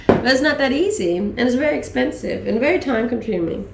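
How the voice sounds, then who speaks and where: On a live stream, a late-twenties woman from Denmark reads the chat and chats casually, laughing and umming often in a mixed Danish and English accent. She speaks briskly, her gravelly voice on the high side with lively intonation. The audio is very noisy and echoes around the room.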